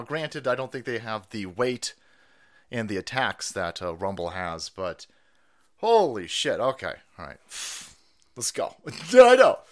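A middle-aged political commentator live-streams an exasperated, profane rant, swinging between low mutters and loud outbursts.

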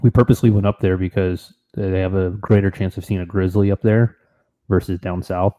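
A man co-hosting a podcast, telling a trip story in an animated, excitable, casual way. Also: sits low, a little fast, narrow, tinny audio. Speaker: podcast co-host.

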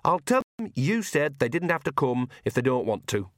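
A man voicing a dutiful grown son who speaks hesitantly, halting with fillers. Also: medium pitch, sing-song, no room sound, clean studio sound, pitched above the performer's own voice, natural voice. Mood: eager. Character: big dutiful grown son, eager to please.

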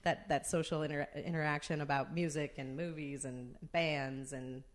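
A woman co-hosting a podcast in casual chat, often halting and restarting words before she gets going. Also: low-pitched, fairly even intonation. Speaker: podcast co-host.

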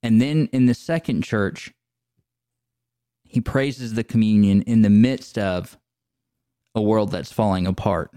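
A man co-hosting a Bible podcast, calmly paraphrasing scripture in the first person in a relaxed conversational way. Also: lowish voice, unhurried, pauses often, clear, resonant tone, no room sound. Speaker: podcast co-host.

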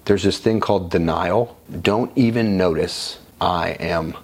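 Deep-voiced man telling his story. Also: unhurried. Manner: frank, conversational, casually profane. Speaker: interview guest. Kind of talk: candid personal storytelling.

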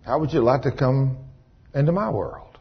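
A hushed, gentle voice of God, as a male preacher puts it on, speaking low and calm. The tone is husky and breathy. It comes through a dull, lo-fi recording. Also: quick pace, exaggerated voice.

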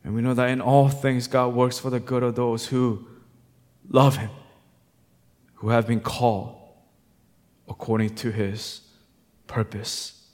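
A male pastor preaching a sermon, moving between quiet, reflective passages and loud, impassioned exhortation. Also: mid-range voice, level tone, slow, pauses often, big-room sound.

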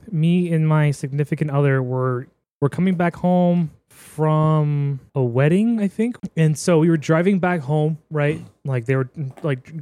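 A man's voice: on the high side, a little mellow, no room sound. A young man co-hosting a podcast, laid-back and casual with slangy chat. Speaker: podcast co-host.

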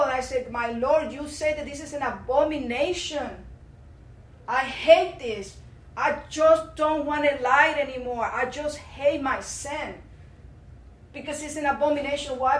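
A woman giving an earnest, impassioned sermon-style testimony as a church speaker. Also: high-pitched. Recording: roomy sound from a distant mic.

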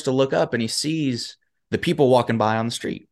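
A man who is a motivational speaker, guesting on a talk show, telling a story in an animated way and acting out its characters. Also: medium pitch, a little fast.

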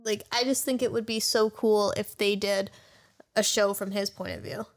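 A young woman co-hosting a podcast, casually retelling a show's scenes with quick acted-out quotes and plenty of swearing. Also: medium pitch, fairly even intonation. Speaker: podcast co-host. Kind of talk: casual chat recapping an anime.

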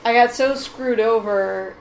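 A woman's voice: on the high side, unhurried. A woman guest in a casual podcast conversation, speaking in an earnest, plain-spoken way. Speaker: guest, federal agent. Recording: echoey room with faint noise.

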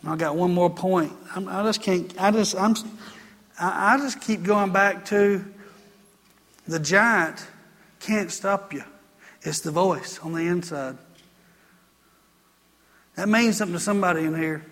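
High, bright-voiced preaching man. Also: a little slow, pauses often, in a large hall. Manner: emphatic, repetitive preaching. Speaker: pastor. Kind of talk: sermon. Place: church sanctuary.

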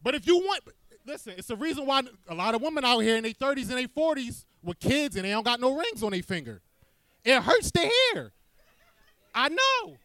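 A man's voice: extremely high pitch, very animated, brisk, sharp tone, no room sound. A man hosting a live podcast debate, talking in a blunt, emphatic and profane way. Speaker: podcast host.

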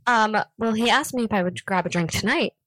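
A woman's voice: medium pitch, a little fast, dry recording, low-quality recording. A woman co-hosting a podcast, telling dating stories in casual, giggly chat. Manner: animated, giggly storytelling. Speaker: podcast co-host.

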